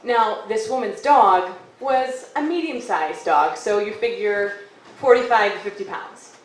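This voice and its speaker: A young woman telling a story on stage at a café, casual and lively, acting out quoted lines with hushed asides. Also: medium pitch, measured pace. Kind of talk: live storytelling. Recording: echoey live room from far off.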